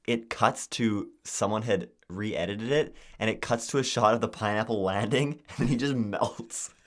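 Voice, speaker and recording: With a lowish voice and a measured pace, a young man chats casually as a podcast co-host. His storytelling is lively, and he acts out the quotes within it.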